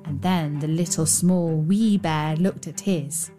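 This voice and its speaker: A woman storyteller reads a fairy tale aloud in an even storybook cadence. Faint fiddle music plays quietly behind her voice. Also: sits low, takes it slowly. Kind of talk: bedtime story narration.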